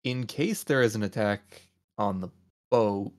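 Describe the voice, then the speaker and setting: A man's voice: fairly low pitch, a little slow, darkish tone. A man chatting as a tabletop game player, hesitant and self-mocking. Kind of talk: casual chat among players.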